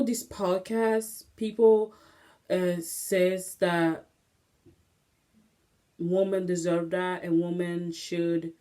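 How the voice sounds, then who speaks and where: A woman's voice: on the low side, mellow. A young woman hosting her own casual solo podcast, rambling and restless with many fillers, recorded on a phone. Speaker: podcast host. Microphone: phone camera.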